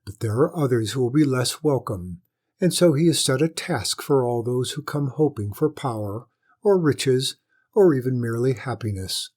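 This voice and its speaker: A sly, knowing court jester who speaks in a courtly, measured way, as a male storyteller plays him. The voice is husky and a touch brighter than the narration, patient and mysterious in a storybook tale. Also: mid-range voice, expressive, natural voice.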